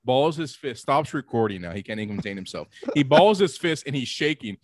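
A man's voice: medium pitch, expressive, brisk, no echo, clean studio sound. A young man co-hosting a casual podcast, ranting with lots of profanity and exasperation. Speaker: podcast co-host. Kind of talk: casual chat.

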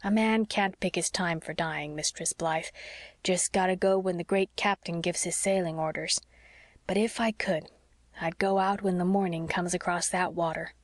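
A woman reading the part of a frail, gentle old sea captain, speaking softly and wistfully in a low voice. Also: steady tone, moderate pace, dry recording, clean studio sound, lightly acted.

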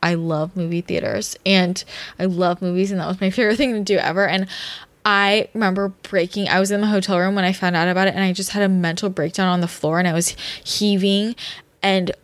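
A woman's voice: medium pitch, fairly even intonation, a little fast, dry recording. A young adult woman hosting a podcast, speaking in an earnest, rambling personal monologue, swearing freely and getting worked up. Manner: gets worked up. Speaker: podcast host.

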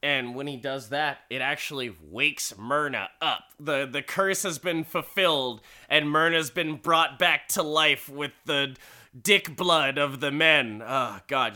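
A man's voice: mid-range voice, bright, forceful tone. A man casually recapping a story, swearing freely and laughing at it. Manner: laughs often, swears, slow and wry.

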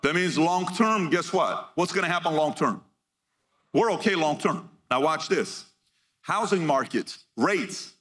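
A man giving a motivational keynote to a live audience, energetic and punchy, reading figures out in short bursts and firing questions at the crowd. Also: fairly high pitch, unhurried. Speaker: keynote speaker.

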